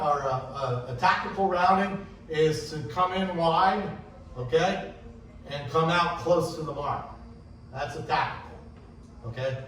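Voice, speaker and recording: A man teaching sailing racing tactics in a casual, anecdotal way, often acting out what other sailors shouted. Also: on the high side. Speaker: sailing instructor. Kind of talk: casual classroom talk on racing rules. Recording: echoey room, distant mic, faint hiss.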